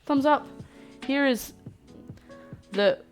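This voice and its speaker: A woman's voice: high-pitched, very slow. A woman hosting a cooking livestream, chatting playfully with her viewers as she works. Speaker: cooking stream host. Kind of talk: casual livestream chat while cooking. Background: faint background music.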